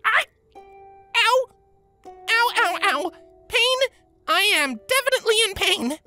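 A man's voice: extremely high pitch, sing-song, takes it slowly, bright, forceful tone, soft background music, voice pushed up, exaggerated voice. A man voicing a defiant young female dragon hatchling who snaps indignantly. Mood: pained. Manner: indignant, snapping. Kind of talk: audiobook character voice.

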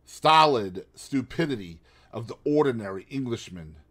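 A man's voice: medium pitch, expressive. A man doing a cool, icy, defiant wife. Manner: quiet, icy, slow. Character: cool defiant English wife, young adult.

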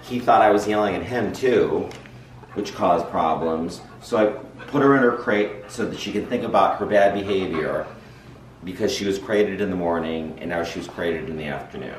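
A man telling a lively everyday story in a casual home chat, laughing along as he goes. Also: sits low, normal speed, echoey room, slight background noise. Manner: animated anecdote-telling with laughs. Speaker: vlogger's partner.

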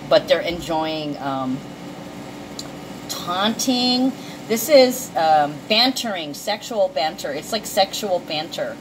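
A woman giving a casual, emotional tarot card reading, chatty and quick to swear. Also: on the low side, noisy background.

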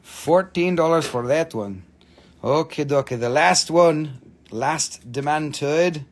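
A man hosting a live-stream mineral sale, gushing excitedly over each stone, swearing freely and calling out prices. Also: a little high, takes it slowly. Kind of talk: live-stream sales chat.

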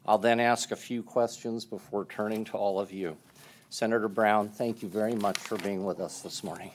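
Low-voiced man formally introducing a guest. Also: steady tone, a little hiss or hum. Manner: measured, polite, reading prepared remarks.

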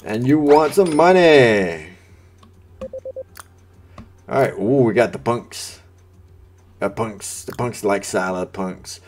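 A man's voice: mid-range voice, lively intonation, takes it slowly, pauses often. Frantic, cursing gamer man. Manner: frantic, swearing under pressure, talks to customers. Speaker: gameplay streamer. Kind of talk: live gameplay commentary. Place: home gaming setup. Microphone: desk microphone.

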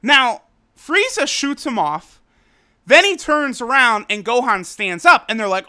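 A man reviewing an anime episode in a loose, excitable way, swearing freely and laughing as he recaps. His voice is bright and forceful. The tone is smooth and clear. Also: extremely high pitch, unhurried. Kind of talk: casual video review.

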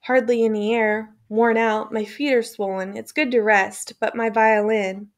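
A woman's voice: a little high, level tone, unhurried. A woman voicing an exhausted young male violinist in a storybook reading, speaking weakly and short of breath. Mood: weary, afraid. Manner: weak, breathless.

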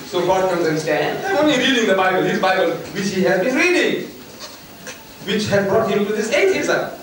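Older male lecturer with a raised pitch, animated and rhetorical, recorded far off in a reverberant hall with faint hiss. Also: normal speed. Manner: animated, rhetorical, mocking tone with laughter. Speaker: lecturer on religion. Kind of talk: public lecture to students. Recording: echoey hall heard from afar with faint noise.

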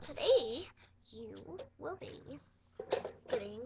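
A loud, goofy duck doctor, played by a woman talks slowly and grandly, pitched high with a lively swing. The toy role-play sounds dull and lo-fi with a faint hiss. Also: gravelly, exaggerated voice. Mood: showy. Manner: loud, slow, showy bedside talk. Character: goofy male duck doctor with a giant hammer.

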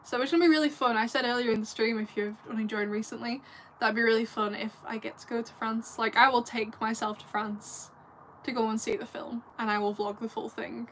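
A woman's voice: fairly high pitch, fairly even intonation, brisk, fairly bright tone, a little hiss or hum. A young English woman from the north of England, chatting casually on a livestream, giggly and rambling as she answers viewers at home.

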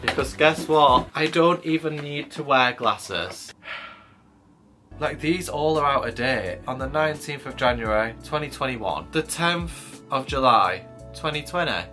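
A man's voice: medium pitch, expressive, a little slow, music in the background. A man chats casually to the camera in a wry tone while he sorts through old things. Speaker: vlogger.

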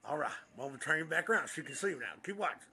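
A man puts on a boastful country angler for a comic fishing vlog, his gravelly voice pitched high and swooping wildly as he drawls and whoops. Bright and raspy at once, he talks out by the water into a handheld camera. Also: animated, very fast, heavy background noise. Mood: boasting. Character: loud excitable country bass fisherman man. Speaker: angler showing his catches. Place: outdoors by the water.

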